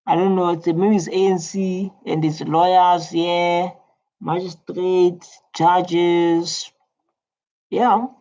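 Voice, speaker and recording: A woman's voice: lowish voice, level tone, takes it slowly, mellow. A woman giving rambling, chatty reaction commentary, often repeating her words. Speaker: reaction video host. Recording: slightly muffled lo-fi recording.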